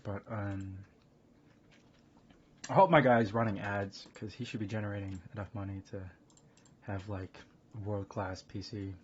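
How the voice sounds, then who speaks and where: Over dull, lo-fi stream audio with faint noise, a man plays a card game and chats casually, rambling between thoughts and laughing hard at chat. He speaks in a fairly low, steady voice at a measured pace, leaving long pauses.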